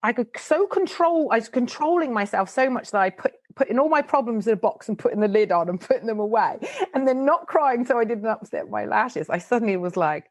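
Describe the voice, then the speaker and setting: A middle-aged woman, telling stories as a podcast guest in an animated, chatty way. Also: fairly high pitch, a little fast, no room sound. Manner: animated, chatty storytelling with frequent laughs. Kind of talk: casual interview chat.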